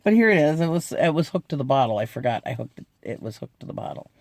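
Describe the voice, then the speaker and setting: A man's voice: mid-range voice, very animated, quick pace, vocal fry, darkish tone, no room sound. A middle-aged man chatting casually in an unboxing video, gushing and laughing often as he talks. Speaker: unboxing vlogger.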